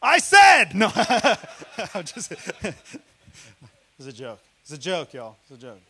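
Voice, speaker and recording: Man, guest preacher, from Missouri, high voice, loud yelling delivery, playful jokes. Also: huge pitch swings, slow pace, vocal fry, slightly rough. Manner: playful, teasing the congregation. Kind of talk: lively sermon with jokes.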